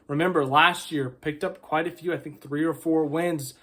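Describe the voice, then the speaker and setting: A man with a notably high voice talks through a race in a relaxed, conversational commentary. He is opinionated and rambles into asides as he goes. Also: moderate pace, hardly any pauses. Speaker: racing commentator. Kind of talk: casual video commentary.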